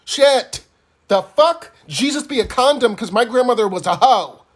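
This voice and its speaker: A man's voice: extremely high pitch, expressive, unhurried. Exasperated man telling a crude story. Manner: crude, exasperated, heavy cursing. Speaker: comedic storyteller. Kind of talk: profane comic storytelling.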